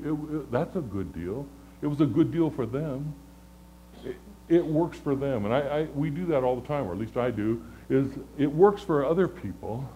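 A man preaching a sermon in a conversational, earnest way, often stammering and restarting, moving between loud pleading and hushed lows. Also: lively intonation, normal speed, a little hiss or hum, low-quality recording. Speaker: pastor.

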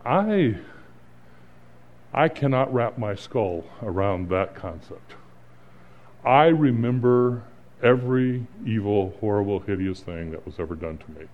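Middle-aged male pastor, mid-pitched, earnest conversational sermon delivery, muffled lo-fi recording. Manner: conversational, earnest, pauses and restarts, rising to emphatic points. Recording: slightly dull, lo-fi sound.

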